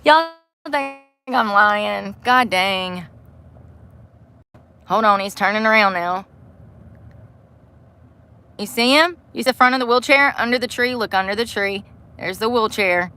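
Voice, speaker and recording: A woman's voice: medium pitch, measured pace, long pauses, pushed and bright, a little hiss or hum. A woman vlogging to a phone camera from inside her parked car, chatty and profane, breaking into laughter often. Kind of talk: casual chat to camera.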